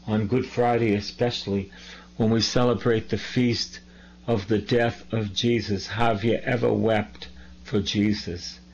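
Male priest, sermon delivery, low voice, dull lo-fi recording. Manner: slow, deliberate reading with emphatic asides. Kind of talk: sermon reading and commenting on scripture.

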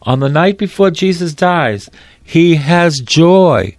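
A man's voice: fairly high pitch, lively intonation, slow pace, no echo, clean studio sound. A man preaching a sermon, fervent and repetitive, quoting scripture and driving points home by repeating phrases.

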